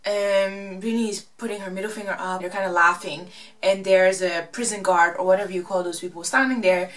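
A woman recapping a reality show in a casual, gossipy, animated way. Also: mid-range voice, a little fast, recorded from a distance. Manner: gossipy, animated, acts out quotes.

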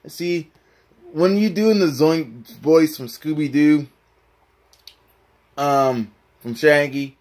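A man's voice: on the high side, lively intonation, takes it slowly, pauses often, darkish tone. A man talking casually to his viewers, rambling and pleading for likes and subscribers. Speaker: YouTuber. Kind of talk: casual vlog talk.

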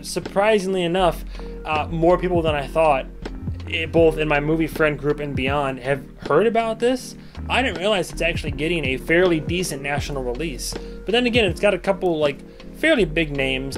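A man giving a casual spoken movie review, rambling and correcting himself as he goes. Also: a little high. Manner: rambling, self-correcting, chatty. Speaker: film reviewer.

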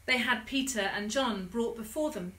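A woman leading a church service, chatting in a relaxed way before reading scripture aloud. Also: on the high side, moderate pace, reverberant.

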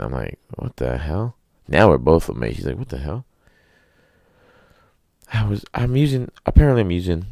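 A man's voice: very deep voice, vocal fry, warm tone, no echo, studio quality. A man hosting a solo podcast, rambling through crude, joking, self-mocking rants. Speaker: podcast host.

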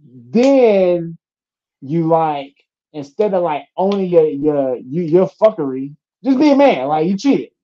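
This young UFC fighter's voice sits on the high side and moves slowly, captured in dull audio. Relaxed in an interview, he spins lively tales, plays out the lines people said, and curses a lot.

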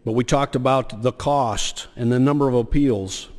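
A man's voice: medium pitch, moderate pace, darkish tone. A man, a state senator, giving a floor speech in a legislative chamber, hesitant with many fillers and restarts. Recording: long hall reverb.

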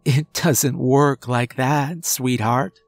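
A man's voice: mid-range voice, steady tone, very slow, no room sound. A man voicing a sweetly menacing female nurse who soothes and mocks her patient. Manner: soothing, mocking.

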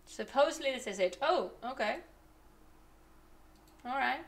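A young woman whose first language is not English, ranting on a live stream in an animated, exasperated way and thinking aloud. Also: sits high, a little slow. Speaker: streamer and researcher. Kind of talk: casual ranting stream commentary.

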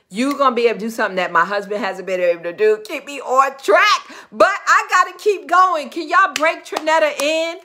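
Bright-voiced New York woman coaching live. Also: mid-range voice. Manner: chatty, digressive, laughs often, talks straight to viewers. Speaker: business coach hosting a live Q&A. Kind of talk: casual live-stream chat. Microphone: webcam or phone on a live video stream.

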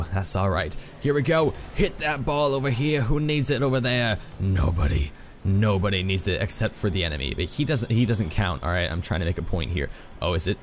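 Excitable man doing gameplay commentary. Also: fairly low pitch, slight background noise. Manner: excitable, self-mocking, full of exclamations. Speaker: gaming YouTuber.

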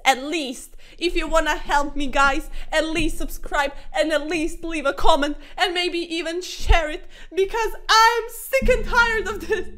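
A young woman playing chess online who grumbles at her opponent, calls him sir, and swings from yelling to muttering. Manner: loud and exasperated, then low and deflated. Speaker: chess streamer. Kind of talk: frustrated chess commentary to camera.

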